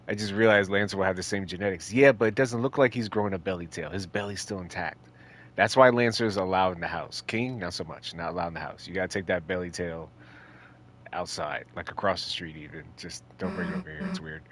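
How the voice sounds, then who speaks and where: A man's voice: deep voice, brisk, a bit bright. A young man streaming a game, chatting casually with viewers and reading the characters' lines aloud in different voices. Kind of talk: casual let's play commentary with character voices. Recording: faint game music behind.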